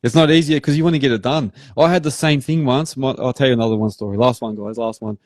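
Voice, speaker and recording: An Australian man hosting a live show, rambling through animated work stories in casual chat. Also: medium pitch, fast talker, dry recording. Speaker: host.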